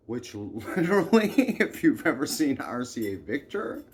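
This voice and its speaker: A man's voice: medium pitch, big pitch swings, measured pace, few pauses, slight background noise. A man telling a meandering personal story in a folksy style, with asides and chuckles.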